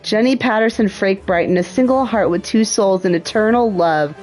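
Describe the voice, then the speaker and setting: A woman's voice: medium pitch, moderate pace, hardly any pauses, a little mellow, faint music behind. A woman livestreaming a puzzle game, thinking aloud in a chatty way and swearing freely. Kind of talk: casual gameplay commentary.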